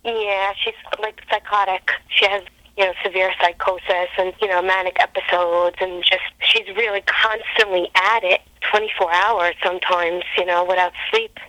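A woman's voice: medium pitch, steady tone, normal speed, bright, forceful tone, no echo, poor audio. A woman who works in psychiatric care, chatting casually about her patients as a guest. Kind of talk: casual chat.

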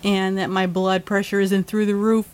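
A woman's voice: medium pitch, flat delivery, moderate pace, darkish tone. A woman ranting to camera in a heated, profane and emphatic way, worked up and emotional. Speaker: vlogger. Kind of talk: angry rant to camera.

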